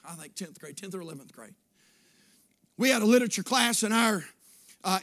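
A man in his fifties preaching a sermon, moving between shouted declarations and quiet, hushed storytelling. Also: high voice. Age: 50s.

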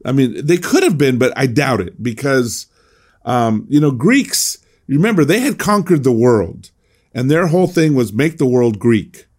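A man's voice: medium pitch, big pitch swings, measured pace, a little mellow, breathy edge. A man teaching a devotional Bible class in a conversational way, often restarting his sentences and reading scripture aloud.

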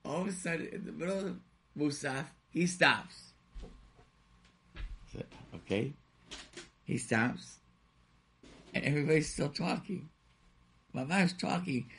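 Man, gravelly, husky, animated storyteller, casual talk. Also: a little high. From Rochester, New York. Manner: animated storyteller, acts out quoted voices.

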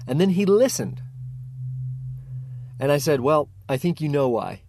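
A man's voice: fairly high pitch, a little slow, pauses often, a little hiss or hum. A chatty, personable man from Central Oregon, casually telling a story to his viewers. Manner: chatty, personable, lively retelling. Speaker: paraglide pilot vlogger.

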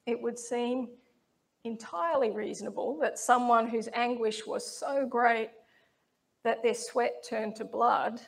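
A woman preaching a sermon, reading scripture in a slow, measured, reflective way. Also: on the high side, vocal fry.

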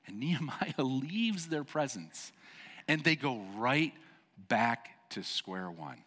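A male pastor delivers a sermon in a church sanctuary, his voice bright and forward. He is animated and jokey, slipping into playful voices for the characters in his story. A long reverb from the hall trails each phrase. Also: medium pitch, slow. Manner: animated, jokey, acts out voices of the people he preaches about.

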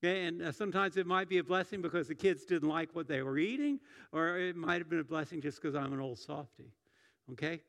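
A man's voice: sits high, fairly bright tone. A middle-aged man preaching a sermon in a church, conversational, often restarting and repeating words. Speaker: pastor. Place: church sanctuary. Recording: long hall reverb.

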